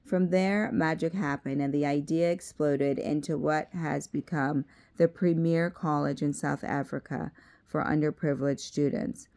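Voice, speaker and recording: A woman's voice: low voice, steady tone, unhurried, mellow. A woman reading aloud as a confident male author who speaks with a southern drawl. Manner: confident and storytelling.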